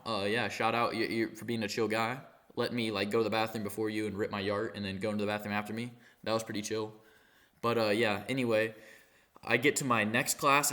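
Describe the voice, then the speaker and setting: A man's voice: medium pitch, a bit bright. Rambling teenage guy telling a story. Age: teens. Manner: rambling, halting, lots of fillers and profanity. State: high on cannabis. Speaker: vlogger.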